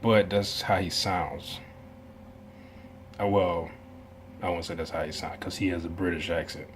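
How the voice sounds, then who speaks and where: A man's voice: low voice, fairly even intonation, measured pace, slight background noise. A man hosting a reaction video, talking in a casual, rambling way with many asides and some laughs.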